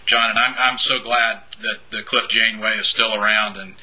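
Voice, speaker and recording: A man hosting a radio interview, enthusiastic and quick when excited. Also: on the low side, poor audio. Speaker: radio host.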